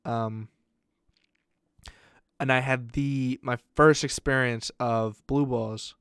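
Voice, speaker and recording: A man's voice: medium pitch, fairly even intonation, slow pace, a bit bright, clear, resonant tone, no room sound, studio quality. A young man co-hosting a podcast, telling crude stories in a rambling way, full of fillers. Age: young adult. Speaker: podcast co-host. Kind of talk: casual podcast storytelling.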